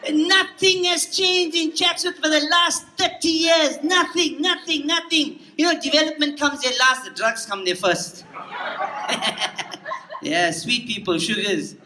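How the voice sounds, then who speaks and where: A man's voice: very high voice, a little slow. A man with a Durban South African Indian accent doing stand-up at a party, teasing the crowd and laughing between jokes. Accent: South African Indian English, Durban. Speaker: stand-up comedian. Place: party hall. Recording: echoey hall with loud noise.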